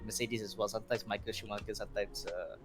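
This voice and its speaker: A man's voice: lowish voice, fast, soft background music. A young man, chatting casually on a podcast, rambling with lots of fillers and laughs. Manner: rambling, animated, laughs often, filler-heavy. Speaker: guest streamer.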